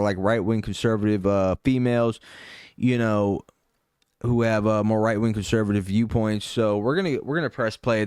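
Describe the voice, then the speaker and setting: A young man hosts a reaction show and rants in a casual, profane, mocking way. His voice is smooth and clear. The sound is dry and close, with no room around it. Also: dry recording. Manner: profane, mocking, mimics opponents in high voice. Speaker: commentary show host. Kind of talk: reaction commentary.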